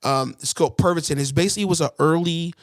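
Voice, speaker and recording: A man's voice: fairly high pitch, quick pace, dry recording, clean studio sound. A young man co-hosting a crude comedy podcast, rambling and laughing often as he tells stories. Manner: rambling, laughs often, slips into mock voices. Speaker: podcast co-host.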